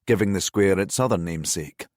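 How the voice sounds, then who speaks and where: A man narrating a crime thriller audiobook in a measured, even-toned reading. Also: low voice, no echo, clean studio sound. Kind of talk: scripted narration.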